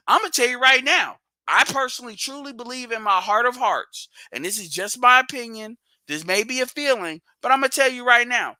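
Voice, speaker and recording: A man's voice: extremely high pitch, bright, forceful tone, no room sound. A man hosting a livestream, ranting bluntly and profanely and hammering his points through repetition. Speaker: livestream host.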